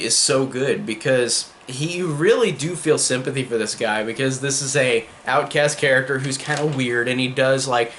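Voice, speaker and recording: A man's voice: mid-range voice, a bit bright, a little hiss or hum. A man giving an enthusiastic, rambling movie review in a casual way. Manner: enthusiastic, rambling, heavy use of "like".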